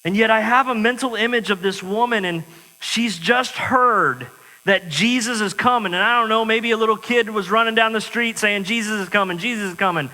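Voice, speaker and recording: Guy preaching a sermon in church, highish bright voice, lots of hall echo, chatty and jokes about himself. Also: moderate pace. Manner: conversational, self-mocking humor. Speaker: pastor. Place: church sanctuary. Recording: long church-hall reverb.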